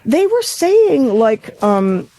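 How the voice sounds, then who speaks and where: A woman's voice: high voice, sing-song, takes it slowly, dark tone. A woman from Buffalo, New York, co-hosting a podcast, telling rambling stories in casual chat and swearing freely. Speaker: podcast co-host.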